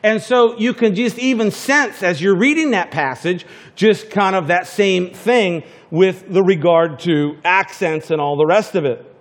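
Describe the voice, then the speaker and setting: A man's voice: high voice, a little slow. A man preaching a conversational sermon, chatty and full of restarts and asides. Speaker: pastor.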